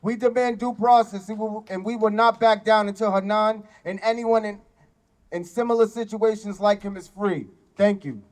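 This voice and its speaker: A union man speaks at an outdoor rally in a high, clear voice. He delivers prepared lines firmly and in declarative sentences. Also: fairly even intonation. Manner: firm, declarative, measured. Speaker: union business agent.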